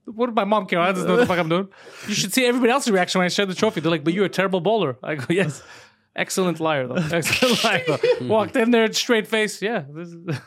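A man's voice: high voice, quick pace. A man hosting a podcast, telling a story casually with lots of swearing and laughter. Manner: profane, laughing, animated storyteller. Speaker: podcast host.

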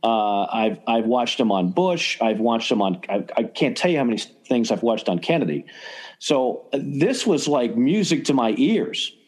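A man's voice: mid-range voice, big pitch swings, moderate pace. Rambling, enthusiastic man hosting sports talk. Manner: rambling, enthusiastic, frequent restarts. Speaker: podcast host.

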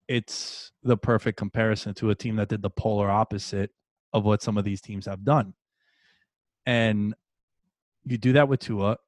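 Man, sports talk host, casual and jokey, animated emphasis, dry close sound. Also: fairly low pitch, dry recording. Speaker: podcast host.

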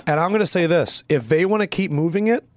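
A man co-hosting a casual sports podcast, animated and jokey, sometimes putting on mock voices. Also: fairly high pitch, fast, no echo, studio quality. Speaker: podcast co-host.

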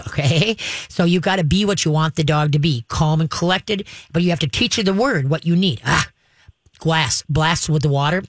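A woman's voice: sits low, normal speed, dry recording, studio quality. A woman hosting a radio call-in show about pets, chatty and direct, acting out the commands she recommends. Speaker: radio pet show host.

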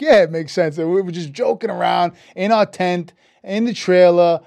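New guy telling a wild story, swears a lot, pitchy when quoting, dry sound. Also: normal speed, gravelly, few pauses, dry recording. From New York. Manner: animated, profane, acts out quotes with a rising voice. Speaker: guest, metal musician. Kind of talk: casual storytelling interview.

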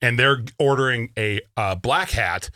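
A man's voice: mid-range voice, measured pace, sharp tone. A man co-hosting a radio show, bantering casually in a mock-indignant way. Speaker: radio co-host.

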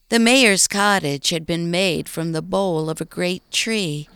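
A woman narrating a storybook in a calm, even storytelling manner. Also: lowish voice, unhurried, few pauses, clean tone, dry recording.

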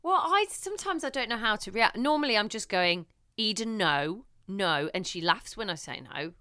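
Lively, smooth-voiced woman chatting. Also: mid-range voice, normal speed, dry recording, clean studio sound. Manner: animated storytelling, acts out her own reactions. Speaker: podcast co-host. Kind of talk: casual chat.

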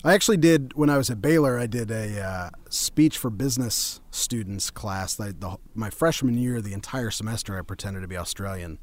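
A man from Colorado, a voice actor chatting as a guest in an interview, telling stories in a relaxed, self-deprecating way. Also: on the low side, moderate pace, few pauses. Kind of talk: casual interview chat.

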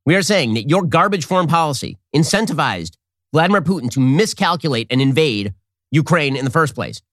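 A man hosting a political commentary show, talking in a rapid, sarcastic, mocking monologue. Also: on the high side, expressive, a bit bright, no echo, clean studio sound. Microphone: studio mic with earpiece.

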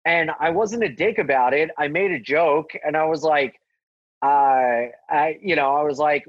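A man, a stand-up comedian, telling a story in casual chat and acting out the quotes in a higher voice. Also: measured pace, no echo, lo-fi sound. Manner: animated, acts out quotes in a higher voice.

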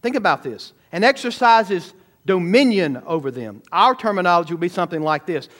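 A man preaching a sermon as pastor, animated and talking straight to the congregation. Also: sits high, fairly quick. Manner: animated preaching, sudden shouts and asides to the congregation.

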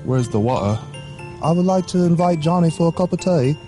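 A man's voice: fairly high pitch, animated, a little fast, over music, natural voice. A man putting on a playful, exaggerated fake British accent as a football player clowning for the camera. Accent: mock British.

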